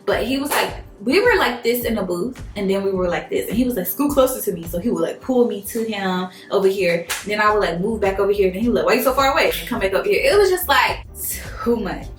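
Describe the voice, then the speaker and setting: A young woman vlogger, telling a dating story in an animated storytime style, swearing freely and acting out quotes. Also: medium pitch, fast, hardly any pauses. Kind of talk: storytime vlog. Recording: echoey room, faint music.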